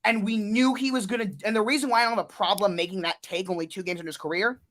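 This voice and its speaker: A man's voice: high-pitched, fairly even intonation, fast, a bit bright. A man co-hosting a casual sports podcast, enthusiastic and earnest, citing statistics. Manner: earnest, stat-heavy, enthusiastic. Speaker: podcast co-host.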